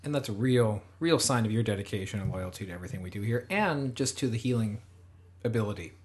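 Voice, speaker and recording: A man's voice: on the low side, expressive, quick pace, husky. A man co-hosting a podcast, chatting casually and joking while he reads out listener emails. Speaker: podcast co-host. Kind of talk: casual chat.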